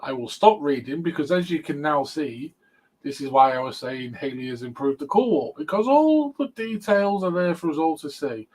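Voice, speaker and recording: A man's voice: fairly high pitch, animated, moderate pace, a little mellow, breathy edge, poor audio. Chatty man hosting a casual chat. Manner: laid-back, chatty, laughs often. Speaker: host.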